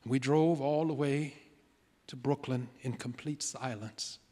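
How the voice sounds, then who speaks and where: A pastor telling a personal story in a sermon, dramatic, shifting between loud declarations and hushed moments. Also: male voice, mid-range voice, fairly even intonation, unhurried. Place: large church sanctuary. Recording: long church hall reverb.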